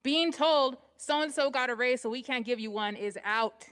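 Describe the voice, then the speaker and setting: A woman's voice: high voice, normal speed, fairly bright tone, clear, resonant tone. A woman union representative firmly reading a prepared statement at a board meeting. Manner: firm, declarative. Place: public meeting room. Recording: long hall reverb.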